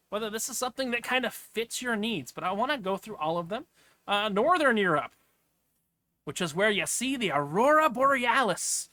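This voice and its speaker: Male vlogger, casual rambling screen-share commentary; bright forceful tone, dry. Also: high-pitched, dry recording. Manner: rambling, off-the-cuff asides. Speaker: vlogger walking through travel listings.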